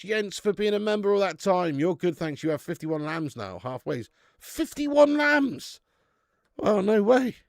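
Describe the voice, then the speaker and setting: Excitable fan, high gravelly voice. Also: male voice, no echo, clean studio sound. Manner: excitable, swearing, banter with chat. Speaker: fan channel host. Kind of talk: live football watch-along commentary.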